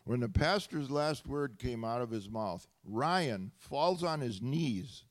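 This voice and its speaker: A man preaching a sermon, telling stories with animated delivery, laughing often and rising to loud exclamations. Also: mid-range voice, slow pace. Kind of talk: sermon storytelling.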